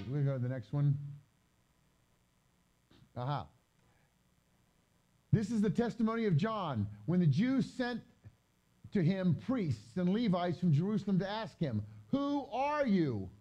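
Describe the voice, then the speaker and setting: Lively, mellow-voiced man teaching scripture. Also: on the high side, highs cut off. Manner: reads scripture aloud slowly, then explains it in loose chatty asides. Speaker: Bible teacher. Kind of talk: conversational Bible teaching with slides. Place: gathering hall during a live-streamed event.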